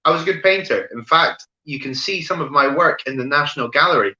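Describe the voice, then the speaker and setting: A man doing an online stand-up set of deadpan one-liners, often tagging "right?" and pausing with fillers. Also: on the high side. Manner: deadpan delivery with frequent "right?" asides and fillers. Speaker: stand-up comedian. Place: home room, streamed online show. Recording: roomy echo, dull lo-fi sound.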